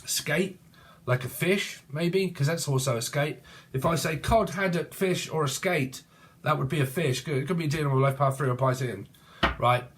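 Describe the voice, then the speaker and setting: A tarot reader with a fairly high voice talks at a moderate pace through a loose, rambling reading. Free-associating as he goes, the man swears freely and now and then slips into bits of song.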